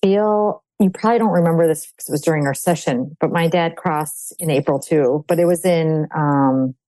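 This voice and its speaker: A woman's voice: deep voice, normal speed, dark tone, no room sound. A woman hosting a podcast, chatting candidly in a casual conversation with many fillers. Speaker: podcast host.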